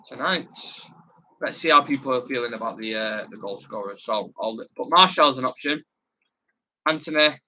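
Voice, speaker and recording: A young man hosts a live football watch-along stream, chatting excitedly, reading comments out loud, and swearing casually. His voice is mid-range at normal speed, with a bit of hiss or hum in the audio.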